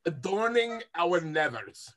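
A jokey, excitable player talking through a tabletop game. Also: mid-range voice, slow pace. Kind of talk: casual tabletop game play.

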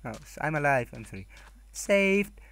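A man's voice: on the high side, animated, moderate pace, vocal fry, fairly bright tone. Young man giggling through game commentary. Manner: reads villager signs aloud in mock voices, giggly. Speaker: gamer.

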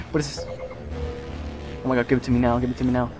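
Excitable swearing man playing a game. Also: mid-range voice, fast talker, pauses often, faint music behind. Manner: excitable, swearing, frustrated outbursts. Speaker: let's play host. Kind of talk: live gameplay commentary.

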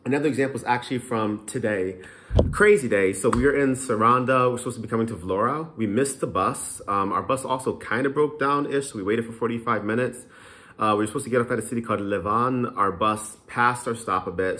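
A man with a somewhat low voice talks straight to the camera in a casual, unscripted vlog. He rambles frankly and fills pauses with plenty of ums and uhs. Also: fairly bright tone. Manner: frank, chatty, rambling with many fillers. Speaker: vlogger.

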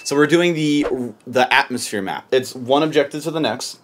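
A man's voice: medium pitch, moderate pace. A young man hosting a gaming video, yelping, laughing and arguing playfully. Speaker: gaming channel host. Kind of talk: excited gameplay banter.

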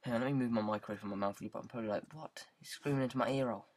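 This gaming YouTuber speaks rapid-fire in a steady, medium-pitched voice with a British accent. Over a headset mic he rambles casually about his gameplay, clowning around and riffing on repeated words.

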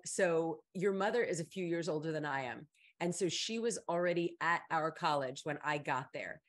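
Quoting people in high voices, a middle-aged woman who hosts an advice stream tells a story in a relaxed, chatty way.

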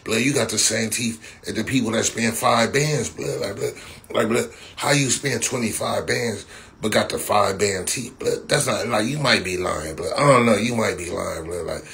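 Lowish-voiced man, rambling. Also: moderate pace, a bit bright, slight background noise. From Compton, California. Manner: rambling, repetitive trash talk, laughing. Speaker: livestream host. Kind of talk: casual livestream roasting.

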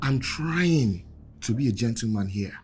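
An actor with a Nigerian accent playing an arrogant, violent husband and boss who mocks and threatens, bursting into shouts. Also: male voice, medium pitch, animated, measured pace, over music, close to an everyday voice. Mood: contemptuous. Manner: menacing, mocking, shouting in bursts. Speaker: abusive husband and office boss. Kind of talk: film acting.

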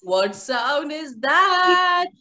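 Woman teacher, very high and sharp-toned, unhurried delivery, animated and coaxing with young kids on a video call. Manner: animated, coaxing, sing-song prompts to children. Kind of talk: online phonics class for young children.

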